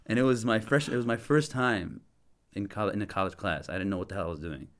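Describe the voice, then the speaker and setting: A young man from Michigan casually telling a story as a podcast guest, animated and slangy, laughing and swearing as he goes. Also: fairly low pitch, fast talker. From Dearborn, Michigan.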